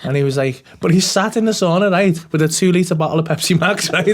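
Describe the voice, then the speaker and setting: A man's voice: high-pitched, very noisy. A man co-hosting a podcast, telling a story in casual chat, swearing freely and laughing through it. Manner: swears a lot, laughs through his stories, mimics people he quotes. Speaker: podcast co-host.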